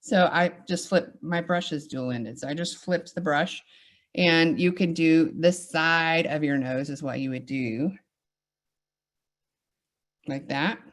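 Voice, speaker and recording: A woman with a Southern US accent giving a makeup demonstration, upbeat and reassuring as she walks through each step. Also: deep voice. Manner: upbeat, reassuring, chatty teaching. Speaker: makeup instructor.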